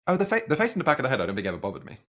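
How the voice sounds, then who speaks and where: A man's voice: mid-range voice, wildly swooping pitch, rapid-fire, a bit bright. A man in his twenties hosting a casual film chat, telling rambling stories and correcting himself. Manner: rambling, self-correcting storyteller. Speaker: film podcast host.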